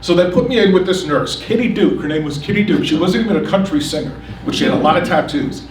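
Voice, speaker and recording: A man telling a comic personal story on stage and acting out the quotes with lively energy. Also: fairly high pitch, fast, a little hiss or hum. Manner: animated, comic, acts out the quotes. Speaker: storyteller at a community story event. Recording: echoey room, picked up from a distance.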